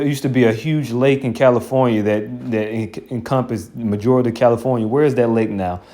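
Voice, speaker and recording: A man's voice: mid-range voice, darkish tone. A man teaching scripture in an informal, blunt and colloquial way, with scornful asides. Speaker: Bible teacher.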